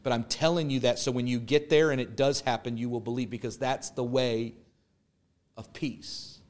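Male pastor, mid-pitched voice, earnest preaching cadence full of repeated lines and slow emphatic words. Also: fairly even intonation, darkish tone. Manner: prayerful, pleading close. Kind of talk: sermon. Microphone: podcast or online service recording.

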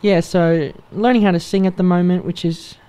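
A man's voice: high voice, steady tone, moderate pace, mellow, clean tone. An Australian man talking as a musician guest in a podcast interview, earnest and reflective, trailing off with fillers. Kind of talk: casual interview chat.

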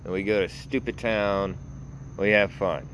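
A man with a low, deep voice rambles through a casual podcast monologue, mocking himself and chuckling at his own jokes. He talks straight into a phone, with a faint hiss of noise underneath. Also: fairly even intonation, a little slow, fairly bright tone. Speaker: podcast host.

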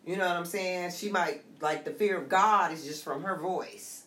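A woman's voice: lowish voice, moderate pace, a bit bright. Middle-aged woman, blunt streetwise storyteller, roomy recording from a short distance. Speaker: guest sharing her story. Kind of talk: casual conversation. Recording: echoey room, somewhat far from mic.

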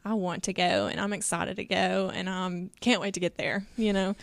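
A woman's voice: on the low side, steady tone, normal speed, vocal fry, dry recording. A young woman co-hosting a casual faith discussion, earnest and chatty, laughing often. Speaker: podcast co-host.

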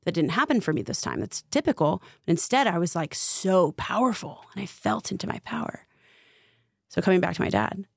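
Woman, spiritual coach as podcast guest; low, fry-edged voice, earnest storyteller, dry close sound. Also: very animated, brisk, no room sound. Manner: earnest, heavy use of filler "like". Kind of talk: casual storytelling conversation.

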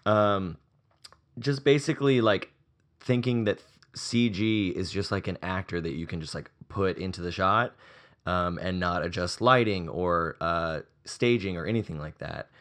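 Low-voiced rambling male co-host. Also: measured pace, fairly bright tone. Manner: rambling with many fillers. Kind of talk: casual movie podcast chat.

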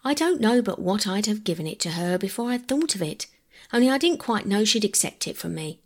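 A woman reading aloud and voicing a kindly older village woman, homely and a little wistful, with a husky voice. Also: medium pitch, expressive, a little fast, voice pushed up.

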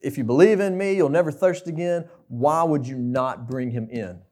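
A man's voice: on the high side, moderate pace, darkish tone. A young man preaching a conversational sermon, asking the listeners questions.

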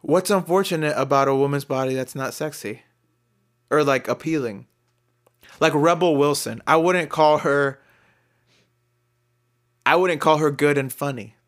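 A man's voice: fairly high pitch, a little slow, long pauses, fairly bright tone. A young man co-hosting a casual podcast, joking and laughing often as he talks. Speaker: podcast co-host.

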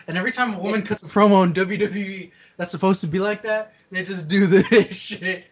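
A man's voice: sits high, steady tone, fairly quick, far from the mic. A man co-hosting a wrestling chat over a video call, laid-back and slangy, laughing often as he talks. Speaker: wrestling podcast co-host. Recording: dull lo-fi video call audio.

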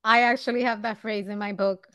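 A woman's voice: fairly high pitch, steady tone, brisk, crowd noise. A woman hosting an interview, asking questions in an encouraging way. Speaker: interview host. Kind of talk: casual interview conversation.

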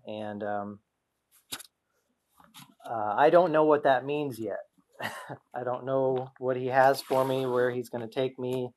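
Earnest preacher, informal tone. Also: male voice, mid-range voice, a little mellow, slight background noise. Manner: earnest and informal, with light self-deprecating humor. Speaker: guest preacher. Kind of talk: conversational sermon. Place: church service before a congregation. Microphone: adjustable microphone on a stand.

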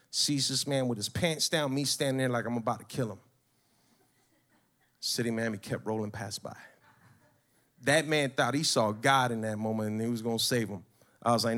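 A man telling a story in a brash, profane, animated way. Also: medium pitch, normal speed, pauses often. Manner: brash, swearing, animated retelling.

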